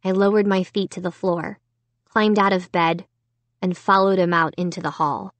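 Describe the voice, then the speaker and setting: A woman's voice: lowish voice, fairly even intonation, normal speed, no room sound. A woman narrating a children's horror book in the first person, reading steadily and with suspense. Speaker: audiobook narrator.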